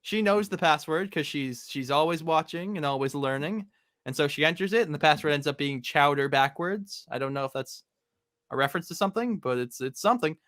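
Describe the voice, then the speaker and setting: A man hosting a casual podcast chat, relaxed and rambling, with lots of ums and uhs. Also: fairly high pitch, a little fast, no room sound, clean studio sound. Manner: relaxed, rambling, with many fillers. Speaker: podcast host.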